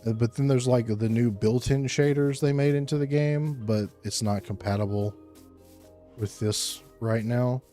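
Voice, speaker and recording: A man streaming a block-building game, chatting casually with his chat in a laid-back, rambling way and thinking aloud between pauses. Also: medium pitch, warm tone. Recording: faint music underneath.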